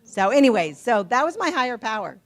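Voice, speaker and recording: Woman telling a lively personal story. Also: on the high side, a little fast. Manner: lively anecdotal telling with laughs. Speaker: events committee member sharing. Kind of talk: personal storytelling at a recovery meeting.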